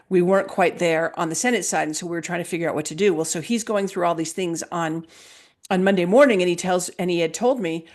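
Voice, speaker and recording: A woman with a fairly low voice tells a story in conversation, emphatic and vivid. She acts out quoted dialogue as she goes. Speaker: guest, health freedom advocate.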